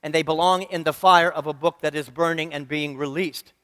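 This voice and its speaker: A man's voice: on the high side, steady tone, fairly quick, fairly bright tone. A male minister, preaching a sermon in a church and putting questions to the congregation, with earnest, rhythmic repetition. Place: church sanctuary. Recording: reverberant church hall.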